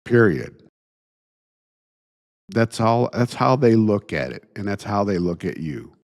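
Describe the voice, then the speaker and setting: A man with a low, gravelly voice delivers a solo opinion rant as host of his show. He talks slowly and indignantly, often stumbling and restarting his sentences, with heavy sighs in between. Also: big pitch swings, a little mellow. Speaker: podcast host.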